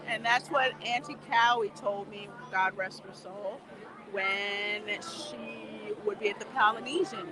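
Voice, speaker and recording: Walking through a queue, a woman hosts a casual theme park livestream, chatting, laughing, and answering viewer comments. Her voice is medium in pitch and a little slow, with busy outdoor crowd chatter all around.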